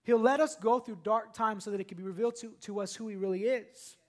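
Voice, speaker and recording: A man preaching a sermon as a pastor, animated and repetitive, calling out to the congregation. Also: high-pitched, fast talker.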